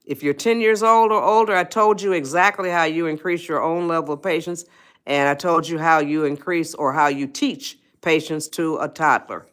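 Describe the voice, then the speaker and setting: A woman's voice: low voice, moderate pace, a bit bright. Woman coaxing her live-stream viewers. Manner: coaxing, repetitive, speaks straight to chat viewers. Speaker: host of a self-help live stream. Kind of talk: live-stream motivational talk.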